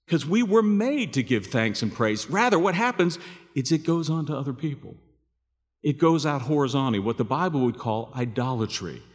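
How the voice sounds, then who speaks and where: A man preaches to his congregation, his pitch rising and falling with a lively swing. His tone is conversational and he keeps asking the listeners questions. His voice rings out in a long reverb from the hall. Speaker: pastor. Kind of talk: sermon.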